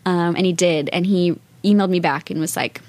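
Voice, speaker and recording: A woman's voice: lowish voice, fairly even intonation, brisk, a little mellow, no echo. A young woman in casual chat, telling a story with animation and acting out the voices she quotes. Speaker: musician guest.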